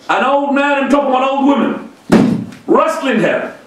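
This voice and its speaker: A man, a sheikh, giving an informal, animated mosque lecture, joking and throwing in religious exclamations as he goes. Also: extremely high pitch, normal speed, far from the mic. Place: large mosque hall. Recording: very echoey hall, voice from afar.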